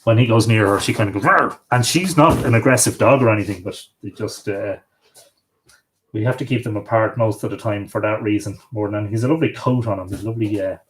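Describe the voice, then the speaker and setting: A man's voice: lowish voice, fairly even intonation, fast, slight background noise. Chatty Irish man on a home livestream. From Ireland. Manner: rambling, chatty, coaxing his dog in a sing-song voice. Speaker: livestream host. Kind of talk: casual livestream chat.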